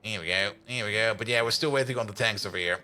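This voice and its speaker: A man's voice: fairly low pitch, fast, pushed and bright, soft background music. A man streaming a game, chatting casually, teasing his bot and laughing often. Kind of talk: casual gaming commentary.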